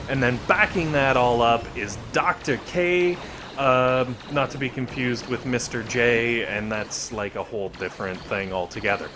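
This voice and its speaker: A man's voice: mid-range voice, noisy background. A man giving casual, rambling gameplay commentary with joking asides. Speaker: gaming video creator.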